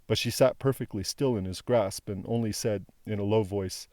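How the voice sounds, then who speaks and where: A man narrating a classic novel as an audiobook reader, in a measured, solemn way. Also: lowish voice, darkish tone, no echo.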